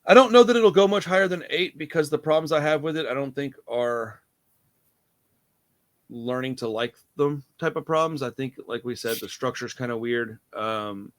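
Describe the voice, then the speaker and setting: A young man hosting a relaxed movie talk. He rambles loosely and calls his co-host dude and bro. His voice sits in an ordinary middle pitch. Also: normal speed. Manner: laid-back, rambling, says dude and bro. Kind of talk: casual movie review chat.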